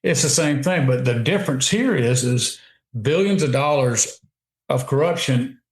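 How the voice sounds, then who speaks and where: A man's voice: medium pitch, animated, unhurried. A man giving emphatic, opinionated commentary on a radio talk show, often restarting his sentences. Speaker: guest commentator. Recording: roomy echo.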